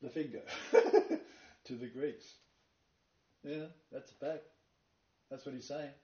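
A man's voice: mid-range voice, steady tone, measured pace, mellow. Man preaching in an echoey hall. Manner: reads long quotations, then emphatic preaching. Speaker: Bible teacher. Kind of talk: sermon-style lecture. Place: meeting room with a live congregation. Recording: dull, echoey, far-off room recording.

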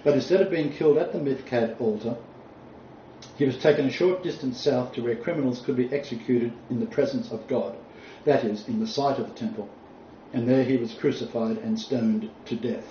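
A man preaching a sermon, reading scripture aloud and stressing key points with deliberate emphasis. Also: mid-range voice, mellow, a little hiss or hum. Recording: distant mic, roomy echo, dull sound.

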